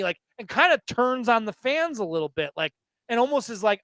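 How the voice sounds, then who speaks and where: A man in his thirties co-hosting a wrestling podcast, telling stories with excited, profane enthusiasm. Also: very high-pitched, brisk, no room sound. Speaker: podcast co-host. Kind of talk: casual wrestling chat.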